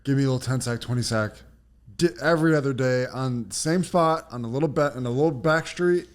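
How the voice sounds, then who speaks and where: A man's voice: medium pitch, brisk. Laid-back man trading stories. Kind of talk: casual chat.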